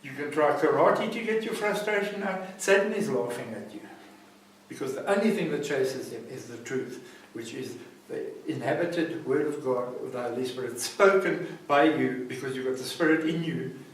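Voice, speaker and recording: A South African man preaches emphatically while teaching a class at a recovery centre, often checking comprehension with "see what I'm saying?" He speaks at medium pitch and moderate pace. A far-off mic in a very echoey room picks him up, along with a little hiss or hum.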